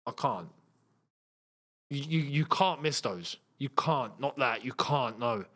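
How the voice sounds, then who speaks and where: A young man hosting a live football watchalong, chatting to his viewers and reacting loudly to missed chances. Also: mid-range voice, slow pace. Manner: excitable, shouts at missed chances, banters with chat. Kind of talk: live match watchalong commentary.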